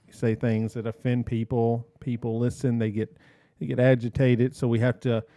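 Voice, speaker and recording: A man hosting a casual podcast, jokey and animated and quick to laugh. His voice sounds dark and mellow, recorded dry and close with no room sound. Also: medium pitch, no echo. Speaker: podcast host. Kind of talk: casual chat.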